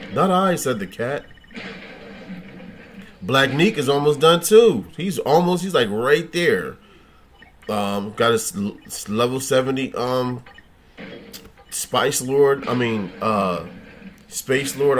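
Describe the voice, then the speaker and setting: A man with a mid-range voice hosts a casual gaming livestream, joking, cursing, and thinking aloud while responding to his chat. He often trails off and restarts, and there's a little hiss or hum.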